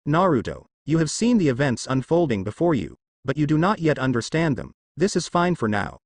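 A man's voice: fairly high pitch, sing-song, brisk, no room sound. A man voicing a solemn, fatherly ancient sage in a storybook reading.

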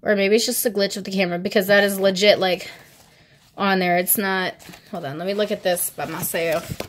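A young woman vlogging as she unboxes an album, chatting casually and excitably, gasping, giggling and now and then dropping to a hushed whisper. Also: mid-range voice, brisk. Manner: excitable, gushing, with gasps, giggles and squeals; drops to hushed whispers at times.

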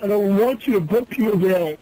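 High pitched guy screaming and cussing on a phone call, super heated. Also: a little fast. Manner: yelling, heavy swearing. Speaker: caller in archived phone recording.

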